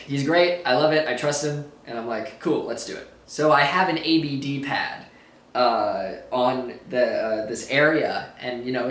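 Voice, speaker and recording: A man's voice: mid-range voice, a bit bright. A young man telling a rambling, giggly story in a casual vlog, groggy after surgery with a sore throat. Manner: rambling, giggly, loses his thread. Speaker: vlogger. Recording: echoey room, a bit far from mic.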